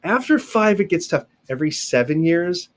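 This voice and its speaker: Filming himself indoors, a male sign language instructor delivers an easygoing lesson, breaking things down step by step with fun sound effects and asides. His voice is high-pitched and sing-song, at a moderate pace.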